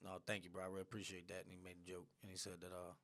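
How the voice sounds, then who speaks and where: A man's voice: deep voice, completely flat delivery, very fast, fairly bright tone. Loose profane man hosting a podcast. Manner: loose, profane, calls people bro. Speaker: comedian co-host. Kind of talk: casual podcast chat. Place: podcast studio.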